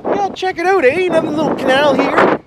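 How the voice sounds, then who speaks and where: A man's voice: extremely high pitch, fairly quick. A man with a Canadian accent chatting casually as he walks outdoors by a river, filming a vlog and tagging his lines with folksy slang. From Ontario, Canada. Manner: folksy, tags lines with "eh" and "frig". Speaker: vlogger. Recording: loud wind noise on the mic.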